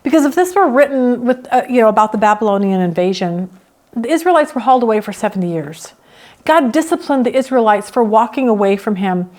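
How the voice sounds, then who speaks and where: A woman teaching a Bible study in a slightly high voice. She reads scripture aloud and breaks into lively acted-out complaints, with her voice climbing as she speaks the psalmist's words. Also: a little fast. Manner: expressive, acts out the psalmist's complaints with rising pitch.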